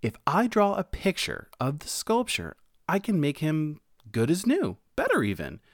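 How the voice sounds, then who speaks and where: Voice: medium pitch, normal speed, dry recording, clean studio sound. A storyteller voicing an eager, adventurous young female mouse in a children's storybook. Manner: excited, bossy.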